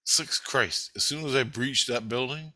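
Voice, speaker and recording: A man's voice: mid-range voice, a little slow, sharp tone, no room sound. A man telling a rambling, agitated story in a casual spoken monologue, full of swearing. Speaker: vlogger.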